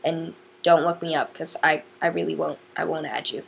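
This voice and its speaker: A woman's voice: deep voice, little pitch movement, normal speed, creaky, slight background noise. A teenage girl from northern Indiana chatting to camera in a rambling, casual way with lots of fillers. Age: teens. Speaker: vlogger.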